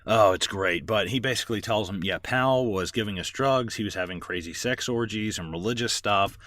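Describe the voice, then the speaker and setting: A man with a deep, low voice chats casually on a movie podcast. He recaps scenes in a loose, rambling way, full of "um" and "you know" and the odd curse. The sound is close and dry, with no room in it. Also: fairly quick, fairly bright tone, no echo. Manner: rambling recaps with many fillers, swears a lot. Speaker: podcast co-host.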